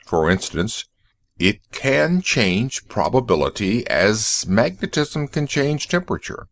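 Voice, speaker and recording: A man reading the lines of a brisk, wry male shop owner in an audiobook, explaining things in a matter-of-fact, lecturing way. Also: lowish voice, very animated, a bit bright, dry recording, heavily acted.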